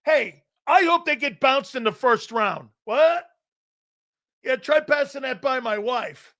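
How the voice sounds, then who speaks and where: Man, sports talk host, high voice, slow drawn-out delivery, loud and excitable, laughs often. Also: vocal fry. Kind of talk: live sports talk show reading chat.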